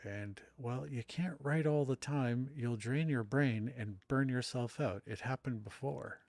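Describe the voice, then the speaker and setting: A man's voice: mid-range voice, unhurried, a little mellow, no echo. A middle-aged man chatting casually with his live-stream audience while playing, self-deprecating and rambling. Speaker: streamer and author.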